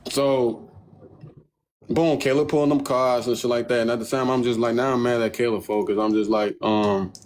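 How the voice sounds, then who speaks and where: A man's voice: medium pitch, normal speed, slight background noise. A young man hosting a livestream on his phone, telling a story casually, with lots of swearing, and mimicking other people's lines in mocking voices. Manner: animated, profane storytelling, acting out others' lines in mocking tones. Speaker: livestream host.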